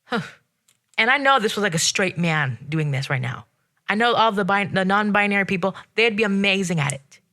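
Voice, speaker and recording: Woman host, solo rant; bright, forceful tone; sassy, exasperated, animated. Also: fairly quick. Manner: animated, exasperated, sassy with sudden pitch jumps. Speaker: podcast host.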